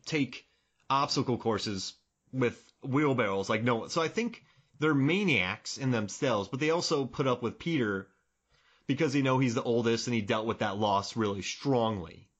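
A man in casual chat about a film, animated and laughing often as he retells scenes. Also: mid-range voice, normal speed, lo-fi sound.

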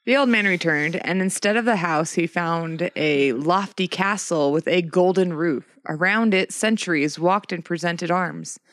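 A narrator reading a fairy tale aloud in a comic reading, mostly steady but stumbling over the odd word. The sound is dry and close, with no room echo. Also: mid-range voice, measured pace, few pauses. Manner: reads steadily, stumbles on words.

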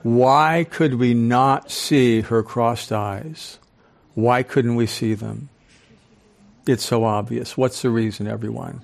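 An older man giving a live lecture to an audience as a speaker and professor, animated, often quizzing listeners with questions. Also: medium pitch, slow, vocal fry. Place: club hall with a live audience.

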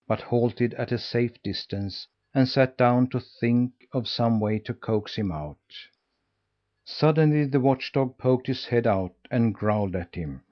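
A man reads a storybook aloud in a steady, measured way, his voice in the middle of the male range. The recording sounds dull and lo-fi. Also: mid-range voice. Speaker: audiobook narrator. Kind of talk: scripted storybook narration.

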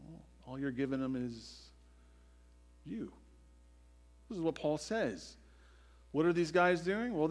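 A man preaching a sermon as pastor, emphatic, tossing in "right?" asides and swinging from loud declarations to near-quiet. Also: mid-range voice.

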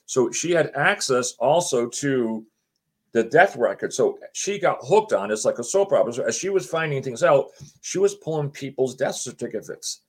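This middle-aged man has a mid-range, expressive, slightly rough voice and a moderate pace. As a guest, he relays a personal story in casual, chatty fashion, playing out the exchanges line by line as people spoke to him, often restarting sentences and using "she goes."

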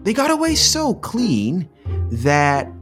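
A man co-hosting a podcast, telling a story in a casual, animated way with many fillers. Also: high voice, slow pace, music in the background. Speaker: podcast co-host.

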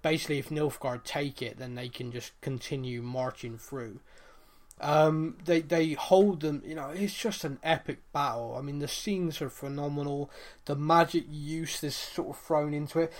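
A man's voice: on the high side, moderate pace. A man, casually recapping a TV series on a podcast, rambling with fillers and acting out quotes. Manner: animated, rambling retelling with fillers and acted-out quotes. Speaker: podcast co-host.

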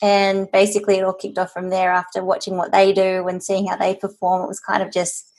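Flat-toned woman coach. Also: medium pitch, brisk. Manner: casual, many fillers, steady and level. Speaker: guest, strength and conditioning coach. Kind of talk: interview answers.

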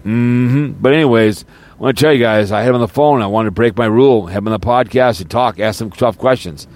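A man's voice: mid-range voice, fairly quick, a little mellow. A male streamer ranting in a monologue, firing repeated accusatory rhetorical questions. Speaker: streamer and podcast host.

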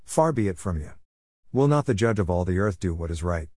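A man's voice: low-pitched, lively intonation, a little fast, a little mellow, dry recording, clean studio sound. A man reading the lines of an elderly patriarch who bargains humbly and persistently. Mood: pleading. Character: elderly male patriarch pleading.

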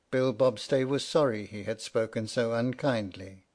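A man reads a storybook aloud in a steady, wry narrating voice. His pitch sits in an ordinary middle range for a man, and his delivery is even and well paced. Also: normal speed, hardly any pauses. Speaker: audiobook narrator. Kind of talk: scripted narration.

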